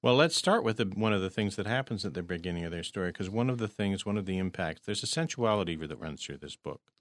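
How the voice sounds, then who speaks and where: A man's voice: deep voice, lively intonation, fast talker, no room sound, studio quality. A man hosting an interview, steering the talk with conversational questions. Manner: conversational, guiding. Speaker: interview host.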